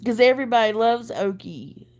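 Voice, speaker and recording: A woman's voice: fairly high pitch, expressive, moderate pace, darkish tone. A woman hosting a casual livestream chat, tired from crying and little sleep, laughing and stumbling over words. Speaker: livestream host.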